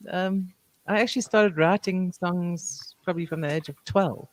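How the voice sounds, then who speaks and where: A woman guest chatting in a relaxed way, reminiscing at length. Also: on the low side, normal speed, no echo. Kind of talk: casual chat.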